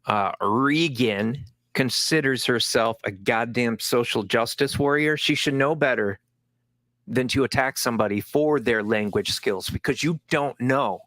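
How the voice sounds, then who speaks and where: A man delivering a recorded commentary in an angry, scolding rant. His voice is of middle pitch and sounds dry and close, with no room echo. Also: fairly bright tone. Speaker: commentary channel host.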